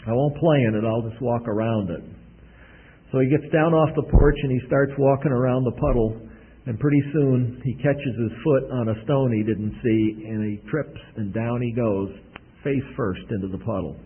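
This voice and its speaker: A man preaching a sermon in a homey storytelling manner, often clearing his throat, with a husky voice. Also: mid-range voice, moderate pace. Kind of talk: sermon with a told illustration. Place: church service. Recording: tinny phone-like recording.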